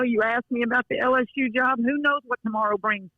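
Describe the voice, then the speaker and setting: A woman's voice: fairly high pitch, steady tone, a little fast, no room sound. Woman, Louisiana accent, basketball coach, phone-in guest, folksy, heartfelt, dull phone line. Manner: heartfelt, folksy, with many restarts. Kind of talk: emotional phone interview.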